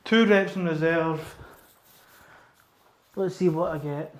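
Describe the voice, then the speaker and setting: A man's voice: high voice, slow pace, pauses often, slight background noise. A young man, out of breath, muttering tired, casually sweary asides to camera between sets in a gym. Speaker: powerlifter filming his training. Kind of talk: casual training vlog chat. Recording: echoey gym room.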